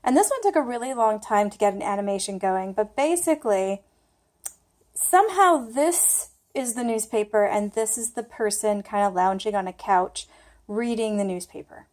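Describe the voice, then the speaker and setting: A woman's voice: medium pitch, expressive, moderate pace, a little mellow. A young woman casually talking through her own study flashcards, thinking aloud and poking fun at herself as she tries to remember. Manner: chatty, thinks aloud, self-deprecating. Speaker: language learner sharing study method.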